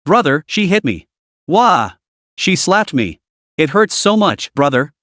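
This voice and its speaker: A coquettish young mistress who acts sweet and helpless in a whiny, sugary voice, as a man puts her on. The voice sits a little high and swings freely in pitch. It is a storybook-style comic recap read close and dry. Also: big pitch swings, a little slow, fairly bright tone, no echo.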